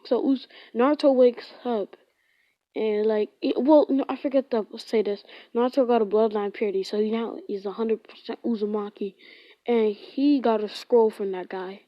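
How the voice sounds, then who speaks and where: A woman's voice: fairly high pitch, steady tone, normal speed, no room sound. A woman casually retelling a fan-fiction story, rambling, with lots of filler words and frequent self-corrections. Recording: dull lo-fi.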